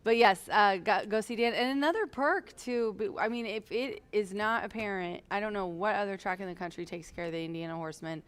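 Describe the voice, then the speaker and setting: A woman's voice: medium pitch, brisk, few pauses, clean tone. A woman co-hosting a horse racing show, talking in a bubbly, chatty way about races and contests. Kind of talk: casual horse racing chat.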